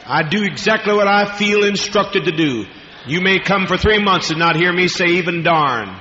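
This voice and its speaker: Profane, commanding male preacher barking orders, bright edge, faint hiss. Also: sits high, normal speed. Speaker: preacher and faith healer. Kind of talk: fiery healing-service sermon. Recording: dull lo-fi archive recording in a reverberant hall.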